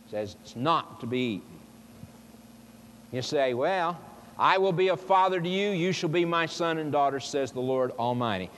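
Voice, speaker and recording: Guy preaching, slightly high voice, keeps asking the crowd questions, long echo, faint hiss. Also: normal speed, a bit bright. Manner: emphatic, rhetorical questions to the congregation. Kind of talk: sermon. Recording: long hall reverb, faint noise.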